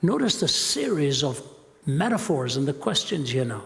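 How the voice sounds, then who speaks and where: A man in his sixties preaching a sermon in a measured, rhetorical style, reading long quoted passages dramatically. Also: fairly high pitch, very animated, vocal fry, fairly bright tone. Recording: echoey hall with long reverb.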